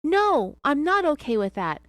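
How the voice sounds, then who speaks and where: A woman's voice: high voice, sing-song, a little slow, no echo, clean studio sound, voice pushed up. A woman voicing a defensive suspect under interrogation. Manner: defensive, protesting.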